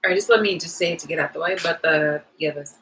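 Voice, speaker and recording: Young woman vlogger, casual rambling rant to camera, forceful tone. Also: low-pitched, quick pace, slight background noise, low-quality recording. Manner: rambling, animated, lots of fillers.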